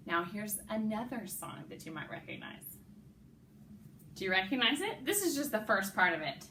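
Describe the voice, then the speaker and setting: A woman's voice: on the high side, big pitch swings, a little slow, long pauses, echoey room, slight background noise. A woman music teacher singing rhythm syllables and explaining them to children in a lesson. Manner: sings rhythm syllables, speaks in a warm coaxing teacher voice to children. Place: classroom with a board.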